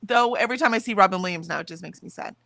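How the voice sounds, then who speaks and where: A woman's voice: mid-range voice, very fast, gravelly, a bit bright, no room sound. A woman with a Southern US accent, co-hosting a casual morning stream, reading chat messages aloud and laughing easily. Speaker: stream co-host. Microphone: headphones with mic.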